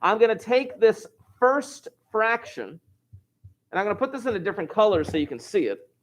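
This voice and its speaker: A man's voice: high-pitched, very animated, normal speed, fairly bright tone, slight background noise. Chatty, joking male math teacher. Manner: joking, chatty, talks back to students. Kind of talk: live online class lesson.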